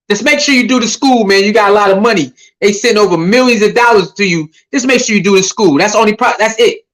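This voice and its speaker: A man hosting a casual commentary rant, animated and mocking his critics with put-on voices. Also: sits high, low-quality recording. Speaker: commentary channel host.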